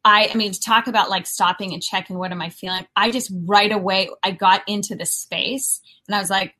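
A middle-aged woman on a faith talk show, telling a personal story in a relaxed, conversational way. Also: medium pitch, a little fast. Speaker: co-host.

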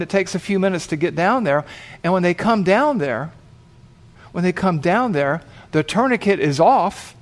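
A man preaching, telling a dramatic illustration and acting out the voices of the people in it. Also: sits high. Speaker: pastor. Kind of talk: sermon illustration storytelling.

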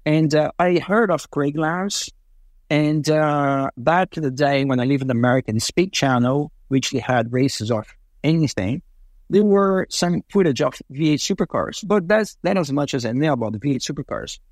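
Man, animated storyteller, lots of uh and you know, dry close sound. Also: fairly high pitch, normal speed, dry recording. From Brazil. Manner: animated, acts out quoted voices, frequent fillers. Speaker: interview guest, racing driver. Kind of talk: casual storytelling.

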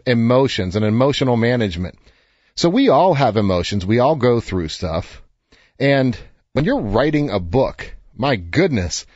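A man's voice: mid-range voice, a little mellow, dry recording, lo-fi sound. A man around fifty, an author giving an earnest, encouraging motivational talk with loose fillers. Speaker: author and speaker. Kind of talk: motivational direct-to-camera talk.

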